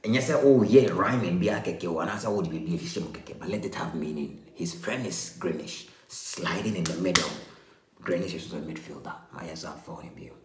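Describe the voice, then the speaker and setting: A man, excitedly repeating and explaining rap lyrics, mixing in local words. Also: low-pitched, normal speed, slight background noise. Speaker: reaction video host. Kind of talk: casual lyric breakdown over music. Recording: echoey room with music playing.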